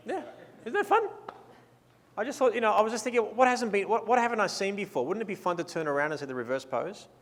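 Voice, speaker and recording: A man's voice: sits high, racing, hardly any pauses, long reverb tail. An Australian man presenting a photography seminar in a casual, enthusiastic, playful way, mixing talk with live posing directions.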